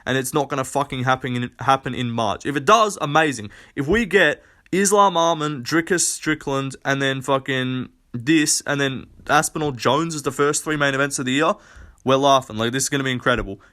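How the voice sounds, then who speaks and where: Young man, casual solo rant, profane, blunt, rambling, mid-pitched voice, lots of fillers. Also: bright, forceful tone. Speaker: MMA commentator.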